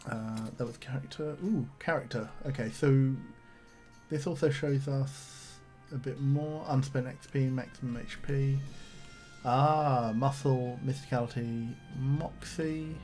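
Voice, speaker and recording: A man of middle pitch chats through a video game stream, reading the game's text aloud and dropping easygoing comments between lines. Faint guitar music plays softly underneath. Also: steady tone, measured pace. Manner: chatty, reads on-screen text aloud with asides. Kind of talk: casual game let's-play commentary.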